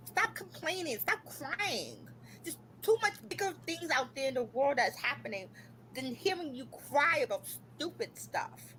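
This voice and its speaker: A woman's voice: high voice, very animated, unhurried, a bit bright, slight background noise, rough recording. A woman hosting a live stream from home, scolding and ranting in an exasperated, repetitive way. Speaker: livestream host. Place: home room.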